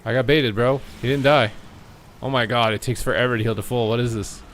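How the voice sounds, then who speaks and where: A man giving casual, jokey commentary while playing an online game, often shouting and taunting opponents. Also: medium pitch, steady tone, a little fast, slight background noise. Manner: jokey, yells and taunts opponents in silly voices. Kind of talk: excitable gameplay commentary.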